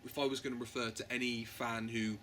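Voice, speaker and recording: A man talks through a fan review with a co-host in a relaxed, jokey way. His voice is bright and forceful at an ordinary pitch. A faint hum of room noise sits under the talk. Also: brisk. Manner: chatty, jokey, breaks into mock voices. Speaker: podcast co-host. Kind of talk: casual fan review chat.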